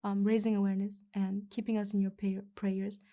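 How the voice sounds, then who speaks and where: A young woman answering interview questions, retelling a religious story in an earnest, halting way with frequent restarts. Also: mid-range voice, little pitch movement, warm tone. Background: music.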